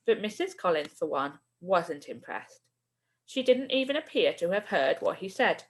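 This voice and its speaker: A woman, a primary school teacher, reading a children's book aloud with expressive storytelling. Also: on the low side.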